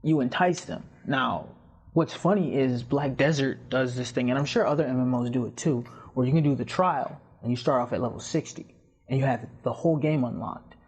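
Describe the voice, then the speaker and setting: A man's voice: mid-range voice, moderate pace, darkish tone, slightly rough. A man talking casually on a podcast, rambling and telling stories with plenty of fillers. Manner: rambling, storytelling with lots of fillers. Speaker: podcast guest or host. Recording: dull lo-fi audio.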